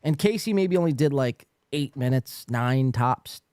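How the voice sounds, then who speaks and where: A man's voice: medium pitch, animated, unhurried, a little mellow, dry recording, studio quality. A man hosting a podcast in casual chat, swearing freely and mimicking accents. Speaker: podcast host.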